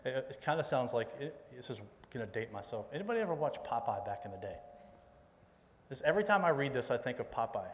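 A man's voice: medium pitch, expressive, fast talker. A middle-aged man preaching a sermon as a pastor, talking conversationally, repeating himself, and dropping folksy asides. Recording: long reverb in a large hall.

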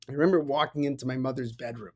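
A man, a rabbi, giving a casual spiritual talk and telling personal stories, animated with many restarts. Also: mid-range voice, very fast. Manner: animated storytelling with frequent restarts and laughs. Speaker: rabbi, podcast host.

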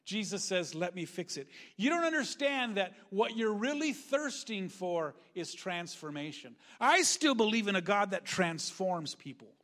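Brief: man preaching a sermon, higher voice, animated, acts out the voices he quotes. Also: unhurried, hardly any pauses. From Northern California. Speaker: pastor.

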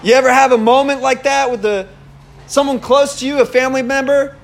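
Young male preacher, high voice, casual and animated, laughs often. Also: fairly quick, gravelly. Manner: conversational, animated storytelling with laughs. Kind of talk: casual sermon.

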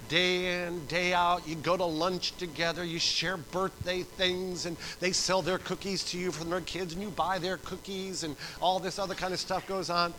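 A middle-aged man preaching a sermon, telling stories with acted-out voices and swinging from soft to loud. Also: sits high, a little hiss or hum, rough recording. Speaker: pastor.

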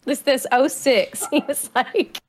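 A woman's voice: high voice, slow pace, a little hiss or hum. Casual podcast co-host, woman, thick Southern accent, talkative, laughs easily. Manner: chatty and laughing, animated when excited. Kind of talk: casual chat.

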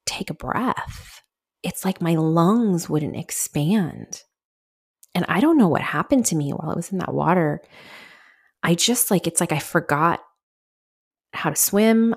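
A middle-aged woman from Southern California hosts a solo podcast in a lowish, slightly mellow voice. She tells a personal story candidly and chattily, with lots of fillers.

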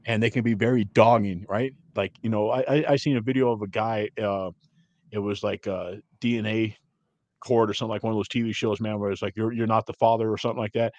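A man hosting a casual podcast, rambling crudely with constant fillers and getting loud and high when worked up. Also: fairly even intonation, fast, dry recording. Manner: rambling, heavy filler words like "man" and "you know". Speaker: podcast host. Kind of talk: casual ranting chat.

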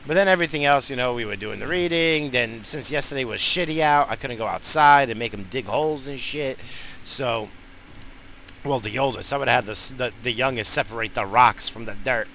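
A man's voice: mid-range voice, sharp tone, slight background noise, rough recording. Profane New dad ranting in his car. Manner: profane, blunt, heated. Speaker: father vlogging while driving. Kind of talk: rambling casual rant. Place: in a moving car.

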